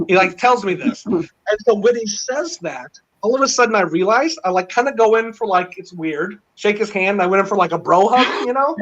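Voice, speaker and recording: A man's voice: sits high, fairly quick. Rambling man on a lo-fi call. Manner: rambling, excited storytelling with many fillers. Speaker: panel guest. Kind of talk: casual chat. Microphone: video call. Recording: dull lo-fi online call audio.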